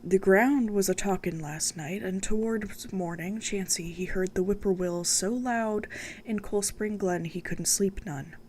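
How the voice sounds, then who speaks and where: A frightened rural housekeeper woman, voiced by a woman reader, speaking in a plain storybook voice at a middle pitch without any dialect. She rushes through her grim news with a mix of dread and gossip. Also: darkish tone, slight background noise, close to an everyday voice. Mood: fearful.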